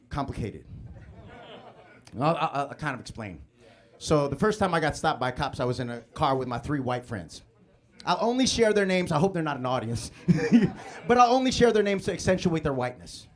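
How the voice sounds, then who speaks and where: A slightly high-pitched man performs stand-up into a handheld mic on a comedy club stage. He tells his stories in an animated way and acts out the scenes as he goes. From born in the Philippines, grew up in Chicago. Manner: animated storytelling, acting out scenes. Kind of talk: live stand-up set.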